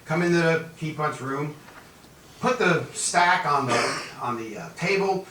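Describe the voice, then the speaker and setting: A man in his seventies giving an animated, jokey storytelling keynote speech as guest speaker in a large conference hall. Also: a little high, unhurried, a little hiss or hum. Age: 70s. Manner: animated, jokey, acts out quoted voices. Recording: echoey hall, voice from far off.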